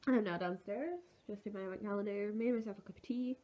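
Speaking from indoors at home, a young Englishwoman with a sore throat chats casually and rambles through her plans in a vlog. Her voice is medium-pitched at a normal speed, and the audio sounds dull.

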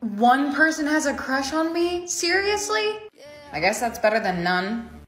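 A woman's voice: high voice, very animated, unhurried, a bit bright, echoey room, soft background music. A woman acting in a comedy skit, often surprised and questioning.

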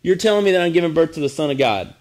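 A man's voice: a little high, expressive, rapid-fire, a little mellow, close to an everyday voice. A man voicing a startled teenage girl in a sermon retelling, stammering and flustered. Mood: disbelieving.

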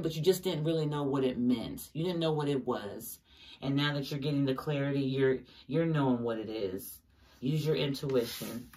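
A woman's voice: rumbling low, mellow, recorded from a distance. A woman giving a casual tarot reading, talking emphatically to her viewers and cursing often. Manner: emphatic, swears often, talks straight to viewers. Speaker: tarot reader.

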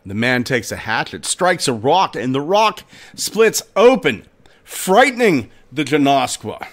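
A man hosting a podcast, narrating a folk tale in a dramatic, expressive storytelling manner. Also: medium pitch, unhurried. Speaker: podcast host.

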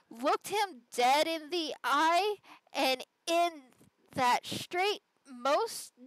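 A woman reads an online story aloud for a podcast, chatting through it and adding her own asides. Her voice sits high and she takes her time with each line. The sound is close and dry, with no room around her. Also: fairly bright tone, dry recording, rough recording. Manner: conversational storytelling with side comments. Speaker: podcast host. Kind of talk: reading a Reddit story aloud.

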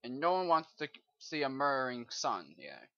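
A man putting on a fussy British-sounding voice to loudly scold villagers in a video game, over a dull lo-fi mic. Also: medium pitch, wildly swooping pitch, normal speed, no room sound. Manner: loud, shouty, exaggerated scolding.

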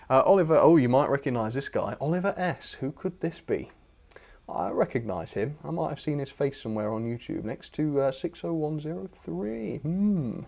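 A man's voice: medium pitch, creaky, darkish tone. A young British man hosting a live stream, chatting enthusiastically as he reads out viewer messages and shows their pictures. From Britain. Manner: chatty, enthusiastic, self-deprecating asides. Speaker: channel host reading viewer requests. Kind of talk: casual live-stream chat.

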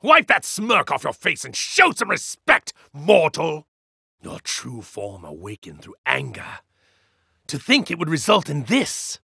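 Brief: an arrogant villain god for a fighting game, gravelly and haughty, slow menacing delivery swinging from low sneers to high shouts, bright edge, dry studio sound. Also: male voice, huge pitch swings, no room sound, full character voice. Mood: contemptuous. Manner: haughty, contemptuous, grandiose. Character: arrogant evil god in a hero's body, male. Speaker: video game character. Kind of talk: game voice lines.

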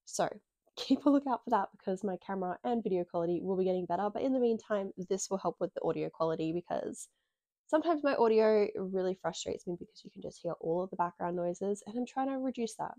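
A chatty, excitable Australian woman talks to camera, her voice warm and mellow but stuffy and nasal from a cold. She speaks close into a dedicated microphone, and the sound is dry. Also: medium pitch, fast talker, no room sound. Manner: chatty, excitable, swears casually. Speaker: book vlogger. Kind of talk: casual chat to camera.

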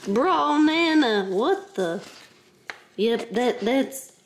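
A woman voicing a boastful young female dog who chatters playfully and gets easily excited. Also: medium pitch, slow pace, slight background noise, natural voice.

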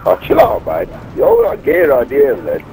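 A man's voice: mid-range voice, sing-song, normal speed, mellow, poor audio. A man putting on a Scouse accent to play a mouthy, crude young lad trolling strangers in game voice chat over a headset. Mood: taunting. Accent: put-on Liverpool Scouse. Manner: crude, taunting, swearing banter. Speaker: online gamer trolling lobby chat. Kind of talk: prank voice chat over gameplay. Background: game music and gunfire.

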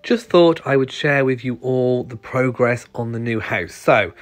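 A relaxed, chatty man filming a casual vlog in his garden. His voice has a slight husky grain and sits at an ordinary middle pitch, and he speaks gently, as if talking to friends. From Britain. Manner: chatty and gentle, talks to his cat and camera. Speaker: vlogger. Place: home garden and greenhouse.

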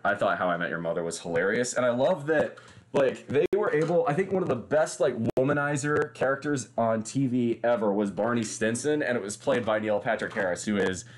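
A man's voice: medium pitch, slight background noise. A man, chatting casually and joking with viewers on a livestream. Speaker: livestream fitness host.

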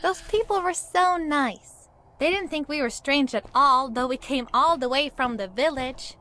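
A woman's voice: sits high, measured pace, pushed and bright. A woman voicing a cheerful young village girl and inventor in a video game, earnest and friendly. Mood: wistful.

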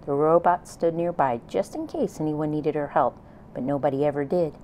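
A woman reading a children's novel aloud in a gentle, plain storytelling manner. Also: sits low, animated, normal speed, slight background noise, poor audio. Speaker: audiobook reader.

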